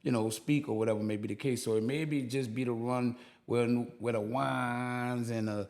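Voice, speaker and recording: A man's voice: mid-range voice, steady tone, moderate pace, darkish tone. A man with a New Orleans accent, co-hosting a podcast and musing in casual chat, full of fillers and restarts. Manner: reflective, rambling with many fillers. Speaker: podcast co-host.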